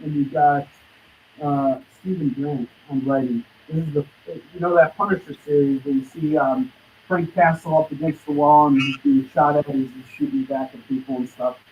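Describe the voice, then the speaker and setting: This live stream host selling comics speaks at a normal speed in a fairly high voice with fairly even intonation, running through titles and prices in a hustling sales style. There's slight background noise, and the lo-fi stream audio sounds distant and dull.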